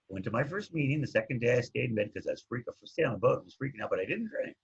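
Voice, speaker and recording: A man with a husky voice casually telling his recovery story, rambling and looping back with "anyways", on a dull lo-fi recording. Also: medium pitch, animated, rapid-fire, hardly any pauses. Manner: rambling, keeps saying anyways.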